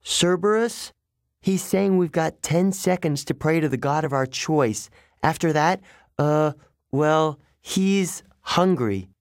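A man's voice: on the high side, fairly even intonation, measured pace, a little mellow, dry recording, studio quality, pitched above the performer's own voice. A man voicing a nervous teenage satyr boy in an audiobook, with a jittery, worried way of talking.

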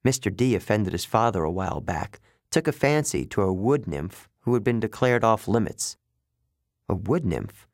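A man reading a first-person story aloud as an audiobook narrator, steady and matter-of-fact. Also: on the low side, normal speed, few pauses, no echo, studio quality.

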